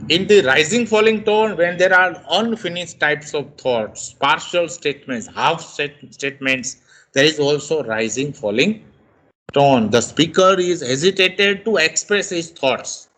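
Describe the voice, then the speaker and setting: Guy teaching intonation, kinda high voice, slow, big rises and falls. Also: a bit bright. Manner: slow, exaggerated rises and falls to demonstrate tones. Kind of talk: lecture on intonation.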